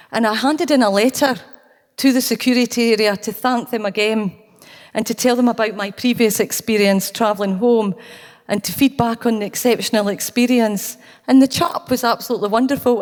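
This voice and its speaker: A Scottish woman speaking at a conference, telling a personal anecdote with earnest, anecdotal warmth. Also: fairly high pitch. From Scotland. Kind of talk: storytelling keynote talk. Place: conference hall. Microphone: handheld or stage mic, cutting out. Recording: long hall reverb.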